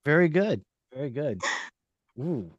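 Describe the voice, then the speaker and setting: A man hosting a casual interview in a studio, playful and halting with restarts. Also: a little high, big pitch swings, dry recording, muffled recording. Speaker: podcast host. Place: recording studio.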